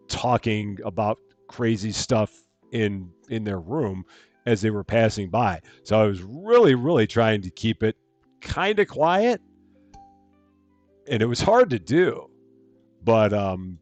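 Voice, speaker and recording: A man casually chatting on a live game stream, reading chat aloud and greeting viewers while projecting a bit louder than normal from his room. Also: lowish voice, no room sound. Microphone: headphones on, desk mic.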